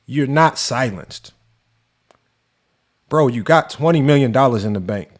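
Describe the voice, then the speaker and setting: A man's voice: mid-range voice, animated, measured pace. A man hosting a sports debate show, ranting in an exasperated, mocking way and firing off rhetorical questions. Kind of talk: heated commentary rant.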